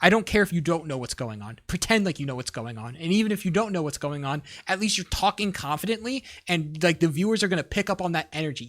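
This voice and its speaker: High-voiced blunt profane streamer. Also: male voice, a bit bright. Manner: blunt, profane, emphatic, rambling restarts. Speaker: streamer coaching a caster. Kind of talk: live stream commentary.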